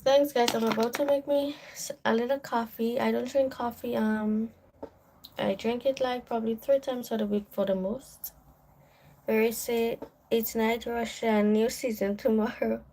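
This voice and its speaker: A woman's voice: a little high, fairly even intonation, normal speed, warm tone. A woman with a Caribbean accent hosting a casual morning livestream, chatting away as she reads viewer comments aloud and answers them. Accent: Caribbean English. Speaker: livestream host.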